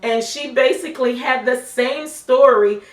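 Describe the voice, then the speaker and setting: A middle-aged mother offers an emotional testimony full of faith, speaking earnestly and personally. Her voice is high and a little slow. A distant mic gives the recording a roomy sound.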